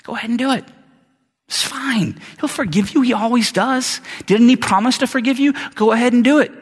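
A sly, wheedling devil, coaxing in a voice pitched well above the speaker's own, as a preacher puts him on. The tone is husky and carries a long hall reverb. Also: male voice, fairly quick. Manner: wheedling, persuasive.

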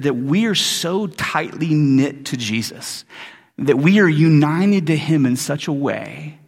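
A pastor delivers his sermon in a lively, chatty style, tossing in asides to the congregation. His voice is a touch high for a man and has a breathy, husky grain. It rings out with the long reverb of a big church hall. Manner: animated, conversational preaching with asides.

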